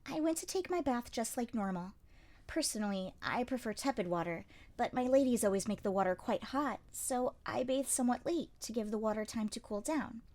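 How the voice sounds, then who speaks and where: Timid young consort, woman reader, halting, high-ish. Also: animated, a little mellow, close to an everyday voice. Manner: hesitant, halting. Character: timid young female consort, frightened and meek. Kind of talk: audiobook character reading.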